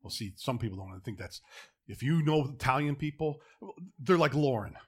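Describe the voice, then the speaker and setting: A man preaching a sermon, telling a story with dramatic swings from loud to hushed. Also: mid-range voice, lively intonation, normal speed, husky.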